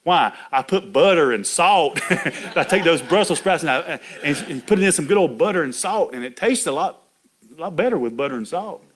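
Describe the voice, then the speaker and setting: A man's voice: a little high, lively intonation, moderate pace. A middle-aged man preaching a folksy sermon, chatty and laughing, calling out to people in the pews by name.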